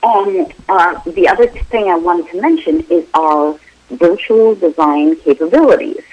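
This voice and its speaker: A woman's voice: on the low side, a little slow, darkish tone, rough recording. Middle-aged lady designer talking about her work, easygoing, lots of um. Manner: friendly, informal, many "um"s. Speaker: interior designer and business owner, guest. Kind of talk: remote interview, explaining her work.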